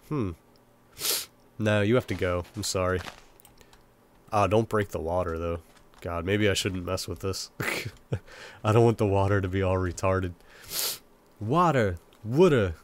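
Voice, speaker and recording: A young man with a cold, sounding nasal and sniffly, rambling and joking at himself while commenting on his gameplay. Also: on the low side. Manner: rambling, self-mocking chatter to himself. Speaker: let's play gamer.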